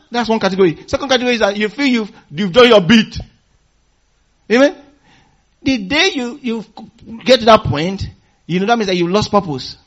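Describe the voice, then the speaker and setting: A husky, animated male pastor with a high-sitting voice preaches, drawing call-and-response from the congregation by asking them to complete phrases. He chuckles through his stories, and the recording is dull and lo-fi.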